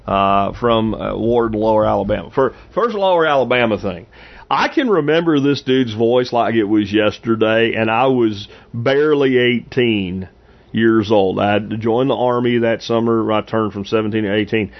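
A man's voice: lowish voice, moderate pace, highs cut off. A man in his fifties hosting a podcast, rambling casually through anecdotes with frequent restarts. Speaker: podcast host. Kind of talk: casual monologue.

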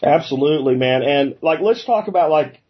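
A man's voice: on the high side, lively intonation, normal speed, slightly rough, dull audio. A man from Pennsylvania hosting a casual interview, chatty and loose, with plenty of fillers. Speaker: podcast host.

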